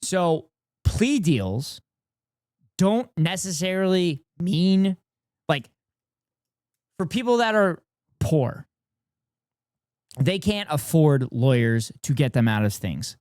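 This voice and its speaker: A streamer tearing into a debate video with exasperated, foul-mouthed disbelief. The voice swings widely in pitch between outbursts and grumbles. It sits in a dry, close-miked space. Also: expressive, slow, long pauses, a little mellow, no room sound. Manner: exasperated, profane, incredulous outbursts. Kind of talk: live stream reaction commentary.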